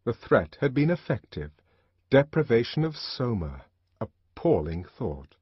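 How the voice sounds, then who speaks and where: Husky, expressive audiobook narrator. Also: male voice, medium pitch, unhurried, no room sound. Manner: expressive, dramatic reading. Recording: dull, dry lo-fi recording.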